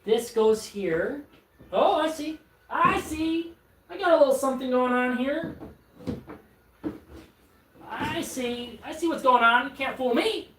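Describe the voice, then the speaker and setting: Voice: high voice, lively intonation, slow, pauses often, a bit bright, distant mic. A streamer chatting casually on a live stream while assembling furniture, keeping up a rambling, self-mocking commentary full of stammered restarts. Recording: roomy echo, off-mic, faint noise.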